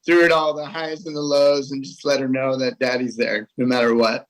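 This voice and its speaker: A man's voice: mid-range voice, level tone, normal speed, a bit bright, poor audio. Earnest man on a video call. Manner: earnest, repeats words as he starts. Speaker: participant in coaching session. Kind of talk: grateful group share.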